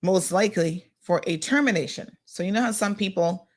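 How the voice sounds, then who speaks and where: Woman host, animated and chatty, breaking local news with asides. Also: medium pitch, brisk. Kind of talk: casual news chat.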